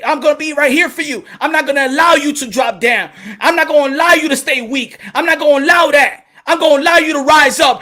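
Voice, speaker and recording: Hosting a boxing channel, a man with an extremely high voice delivers an impassioned monologue straight to the camera in blunt street slang. He is fervent and preachy, and often bursts into shouts.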